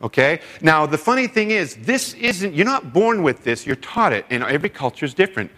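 Speaking briskly in a fairly high pitch, a man delivers a sermon to a seminar crowd. His storytelling is animated, with quoted voices acted out, all heard through long hall reverb.

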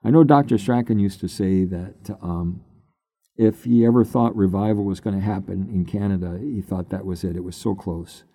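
An older man, a pastor, telling his personal testimony in an unhurried, halting way that turns emotional at times. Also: low-pitched, mellow, no room sound. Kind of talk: personal testimony, conversational storytelling.

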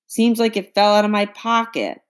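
A woman voicing a smooth-talking older male neighbor who speaks in a quick, folksy, soothing way. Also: medium pitch, expressive, voice pushed up, natural voice. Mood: apologetic.

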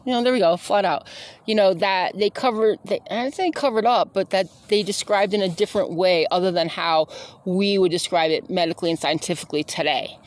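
A woman hosting her own podcast, talking casually while out on a walk, rambling with many fillers and self-corrections. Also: medium pitch. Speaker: podcast host. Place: outdoors on a walk.

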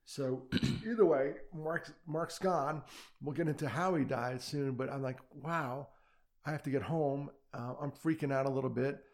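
Man, middle-aged, candid storyteller, even mid-range voice. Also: medium pitch, moderate pace. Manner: candid, tells his story with quoted asides. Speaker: podcast guest. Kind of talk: conversational storytelling.

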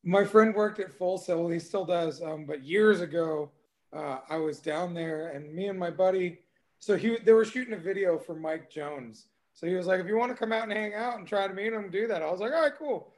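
A man's voice: high voice, a little fast. A man co-hosting a podcast in casual chat. He is laid-back, swears freely and laughs often while telling stories.

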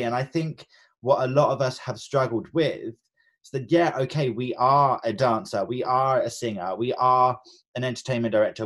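A man's voice: mid-range voice, a bit bright. A man co-hosting a podcast, talking in an earnest, reflective way with fillers and restarts. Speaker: podcast co-host and coach. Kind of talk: casual podcast chat.

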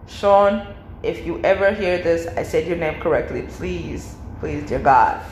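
A young woman telling a casual storytime vlog, chatty and animated, full of slang and filler words. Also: on the low side, unhurried. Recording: echoey room with faint hiss.

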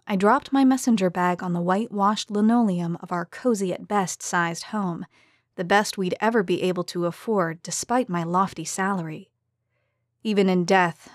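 A woman reads a first-person audiobook at a measured, even pace, her voice at an ordinary middle pitch for a woman. The recording is close and dry, with almost no room sound. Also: dry recording. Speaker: audiobook narrator.

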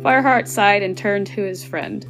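A woman reading a passage from a novel aloud as narrator, in a soft, even voice. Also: medium pitch, moderate pace, soft background music.

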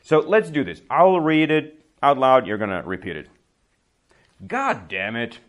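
A man's voice: medium pitch, very animated, moderate pace. A man teaching a conversational English lesson, telling a story casually and acting out what people mutter. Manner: storytelling, acts out mumbling voices, laughs often; bilingual, switches to Czech to explain.

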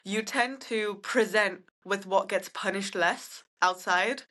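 A woman's voice: medium pitch, takes it slowly, bright, forceful tone. A young woman from India with a British accent and Marathi as her first language, a podcast guest talking earnestly and reflectively with many restarts. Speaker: guest, content creator. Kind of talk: casual podcast conversation.

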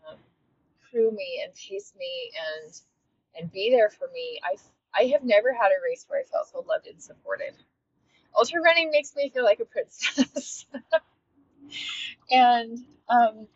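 Lively earnest woman podcaster. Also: a little high, husky. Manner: earnest, heartfelt, with frequent restarts. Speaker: podcast host and fitness coach. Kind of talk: reflective solo monologue. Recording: dull, slightly lo-fi with faint noise.

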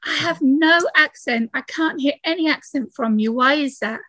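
A woman's voice: sits high, normal speed, bright, forceful tone, dry recording. A woman hosting a casual interview podcast, eager and chatty, with many "uh" fillers. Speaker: podcast host.

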